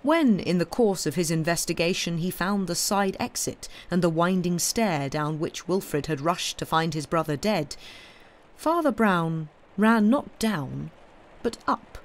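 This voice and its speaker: A woman narrating classic fiction aloud in a measured storytelling manner. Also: fairly low pitch. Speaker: audiobook reader.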